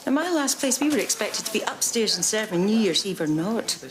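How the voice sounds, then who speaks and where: A woman's voice: mid-range voice, animated, a little fast, crowd noise, lightly acted. An actress playing a young lady's maid in a period drama, direct and matter-of-fact. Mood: plain. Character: new young English lady's maid, plain-spoken.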